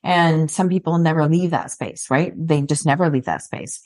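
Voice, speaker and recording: Low, husky woman hosting a podcast. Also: lively intonation, normal speed, darkish tone. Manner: reflective, affirming and nonjudgmental. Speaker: podcast host. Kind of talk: conversational interview.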